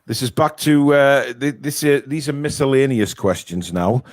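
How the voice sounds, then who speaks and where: A man's voice: medium pitch, moderate pace, no room sound. A man with a North East English accent hosting a casual football quiz, joking and teasing the players and swearing freely. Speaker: quiz host.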